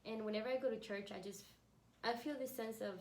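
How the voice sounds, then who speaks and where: Gravelly-voiced woman host in an echoey room. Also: a little high, steady tone, quick pace. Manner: warmly agreeing, uses many fillers. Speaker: podcast host. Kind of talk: casual conversation. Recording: echoey room with faint background noise.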